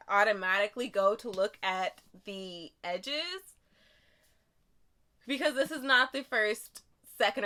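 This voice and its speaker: Bright-voiced gushing young woman. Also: a little high. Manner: gushing, emotional, swings from whispers to squeals. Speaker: book vlogger. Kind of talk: excited unboxing vlog.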